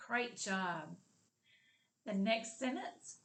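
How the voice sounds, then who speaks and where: A woman teaching a kindergarten literacy lesson, speaking slowly and clearly as she models rhyming sentences and words for young learners. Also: medium pitch. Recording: roomy echo.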